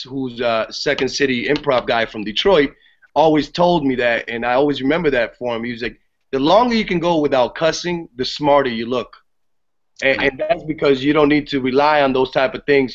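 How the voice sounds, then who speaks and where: Male podcast guest, mid pitch, casual and profane, lo-fi sound. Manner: animated, swears freely, restarts often. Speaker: theater guest. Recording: dull lo-fi podcast audio.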